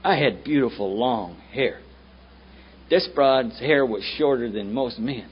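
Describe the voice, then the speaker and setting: A man's voice: mid-range voice, lively intonation, a little slow. A man with a Southern American accent, speaking bluntly and with profanity at a recovery meeting. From United States. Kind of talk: storytelling talk at a meeting. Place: meeting room. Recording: muffled old tape with faint hiss.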